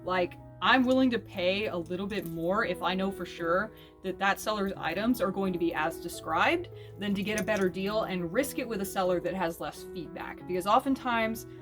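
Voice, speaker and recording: A woman chatting casually to camera as a fashion vlogger, animated and snarky, laughing often. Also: medium pitch, moderate pace, few pauses, music in the background.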